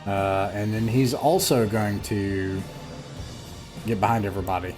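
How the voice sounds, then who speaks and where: Game master, man, low voice, halting online narration with music under it. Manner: halting, many fillers and restarts.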